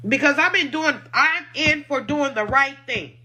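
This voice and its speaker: Woman, high-pitched, bright tone, indignant, defensive, repeats herself for emphasis. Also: moderate pace. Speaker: food truck owner. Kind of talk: emotional personal statement.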